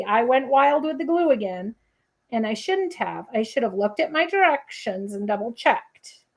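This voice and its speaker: On her relaxed papercrafting livestream, a woman talks to viewers in a somewhat high, slightly mellow voice with vocal fry. Between playful remarks, she hums small scat melodies while crafting.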